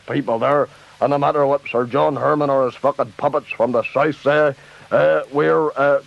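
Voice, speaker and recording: A man's voice: mid-range voice, creaky. A man with a Northern Irish accent voicing a foul-mouthed old preacher-politician in a comedy sketch, ranting and menacing. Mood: defiant. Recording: dull lo-fi record with faint hiss.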